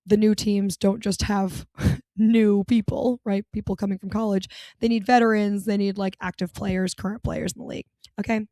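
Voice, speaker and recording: A woman's voice: medium pitch, dark tone, no echo. A young adult woman hosting a solo podcast, talking casually and animatedly, swearing and laughing often. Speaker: podcast host.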